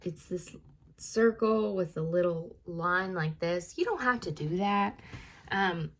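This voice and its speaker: Using a voice on the low side, a young woman teaches reading to young children in a recorded lesson, enunciating words slowly and clearly and guiding them through the worksheet answers.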